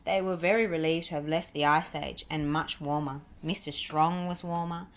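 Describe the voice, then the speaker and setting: Lady reading a kids' book out loud, lowish voice, chats to the little one between pages. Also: normal speed. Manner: lively, chatty asides to a listening child. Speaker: storybook reader. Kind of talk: reading a picture book aloud to a child.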